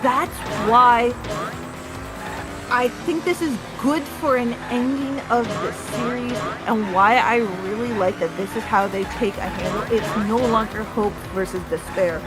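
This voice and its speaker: A woman's voice: a little high, measured pace, over loud music. A woman co-hosting a casual drinking chat, ranting emphatically and swearing freely, slightly tipsy. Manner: emphatic, profane, rants with mocking put-on quotes. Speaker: podcast co-host. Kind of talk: casual chat about a video game.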